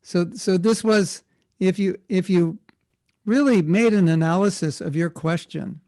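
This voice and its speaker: A man with a high-pitched, dark-toned voice speaks a little slowly in a dry recording. Visiting a temple as a guest, he answers a question through informal storytelling in a conversational spiritual talk, frequently correcting himself.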